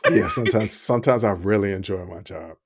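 A man's voice: on the low side, a little fast, no echo. A man co-hosting a podcast in a studio, telling casual, profane, laughing stories about his personal-training clients. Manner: profane, animated, laughing storyteller. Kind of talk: casual chat. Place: studio under hot lights.

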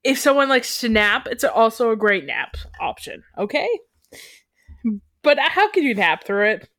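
A woman's voice: a little high, lively intonation, unhurried, a bit bright, no echo, studio quality. A woman from western Canada co-hosting a podcast in casual chat, rambling and restarting her thoughts as she goes. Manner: chatty, trails off and restarts mid-thought. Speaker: podcast co-host.

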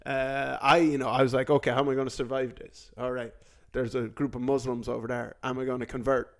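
A man's voice: medium pitch, level tone, a little fast. A young man co-hosting a casual comedy podcast, joking, laughing often and acting out bits in put-on voices. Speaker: podcast co-host.

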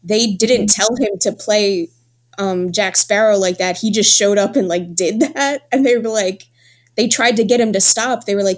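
Animated woman telling stories. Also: mid-range voice, moderate pace. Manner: animated storytelling, acts out quotes. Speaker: podcast co-host. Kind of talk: casual chat.

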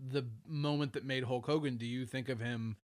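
A man's voice: mid-range voice, fairly even intonation, moderate pace, no room sound. A young man co-hosting a casual podcast, teasing and swearing easily. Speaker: podcast co-host. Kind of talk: casual chat.

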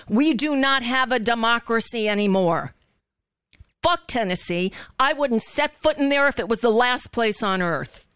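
An angry woman radio host with a fairly high voice, shaken and stammering as she rants in emphatic bursts. The sound is close and dry, with no room around it. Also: fairly bright tone, no echo. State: shaken and upset. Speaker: radio talk show host. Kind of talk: impassioned political talk radio.

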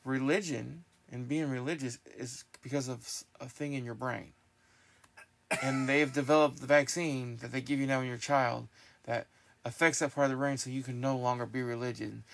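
A man hosting a podcast in casual chat, telling stories in a rambling, animated way with lots of restarts. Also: mid-range voice, moderate pace, gravelly. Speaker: podcast host.

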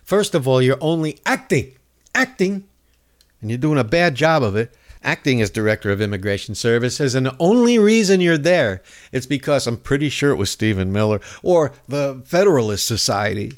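Brief: male comic ranter, swings his pitch widely, angry and crude, rambling with lots of uh's. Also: big pitch swings, moderate pace. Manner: angry, insulting, rambling with many fillers. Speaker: comedic ranter. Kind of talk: profane political rant.

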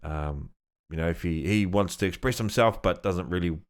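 Low-voiced New man, laid-back chat. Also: moderate pace, clean tone. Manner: rambling, laughs often, swears casually, many fillers. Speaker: podcast co-host. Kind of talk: casual chat. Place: studio.

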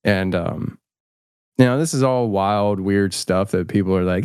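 A man's voice: low-pitched, a little slow, a little mellow, smooth, dry recording, clean studio sound. Rambling, self-deprecating middle-aged man. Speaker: podcast host, guest filmmaker. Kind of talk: casual interview chat.

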